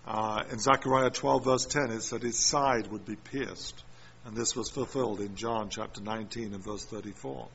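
Gravelly man reading scripture references. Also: on the low side, steady tone, moderate pace, a bit bright. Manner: reads scripture references aloud, repeating chapter and verse. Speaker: preacher. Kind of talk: sermon. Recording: muffled recording with faint room noise.

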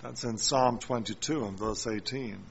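A man's voice: mid-range voice, normal speed, gravelly. A man preaching a sermon, reading scripture and repeating chapter and verse. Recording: muffled recording with faint room noise.

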